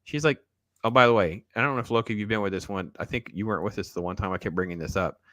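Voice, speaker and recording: A man's voice: fairly low pitch, racing, fairly bright tone, dry recording. A man hosting a casual reaction stream, riffing sarcastically and talking straight to his viewers. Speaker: show host.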